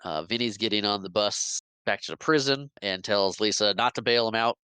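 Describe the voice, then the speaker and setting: Bright, smooth-voiced male podcast host. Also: on the low side, a little fast, no room sound. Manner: retells scenes, lightly acting out quoted lines. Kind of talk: casual film recap chat.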